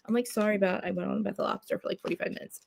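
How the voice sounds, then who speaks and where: A quick-talking woman, loud and blunt, swearing freely as she hosts a casual podcast. Her voice has a gravelly edge and sits close and dry on the mic. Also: medium pitch, steady tone, dry recording. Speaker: podcast host. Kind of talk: casual live podcast chat.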